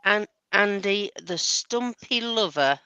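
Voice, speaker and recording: A woman's voice: medium pitch, expressive, slow, bright, forceful tone, smooth, dry recording. A woman co-hosting a casual live stream, teasing and reading names out from the chat. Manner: teasing, reads names in a list. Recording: noisy live-stream audio.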